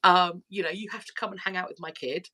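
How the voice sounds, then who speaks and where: A woman's voice: fairly low pitch, steady tone, fast talker, a loud crowd. Rambling woman on a phone livestream. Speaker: YouTube channel host. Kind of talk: casual livestream chat.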